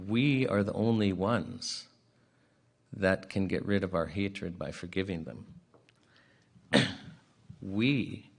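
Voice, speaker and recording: A man speaking at a public inquiry, retelling a parable in an earnest, plain-spoken way with casual asides, and often clearing his throat between phrases. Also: low voice.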